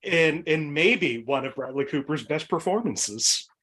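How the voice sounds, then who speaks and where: Animated Boston-accented man hosting a game show. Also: fairly high pitch, unhurried, husky. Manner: rambling, laughs often, many fillers. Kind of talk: casual comedic game show banter.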